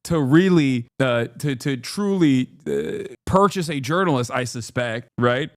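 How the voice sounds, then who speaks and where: A man's voice: mid-range voice, lively intonation, a little slow, no room sound, clean studio sound. A man who streams political commentary, reacting in a sardonic, profane way with laughing asides.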